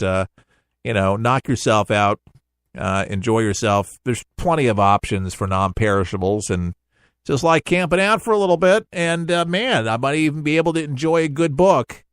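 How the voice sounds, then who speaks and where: A man's voice: on the low side, smooth, no echo, clean studio sound. A middle-aged man hosting a radio talk show, chatting in a folksy, rambling way and often breaking off mid-sentence. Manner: folksy, rambling, self-interrupting. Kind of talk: casual talk radio monologue.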